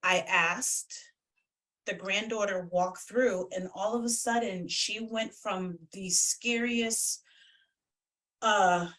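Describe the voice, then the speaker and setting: A woman's voice: mid-range voice, fairly even intonation, slow pace, a bit bright. A woman psychic medium chatting casually as a guest on a video call, blunt and swearing freely. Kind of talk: casual chat. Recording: distant from the mic.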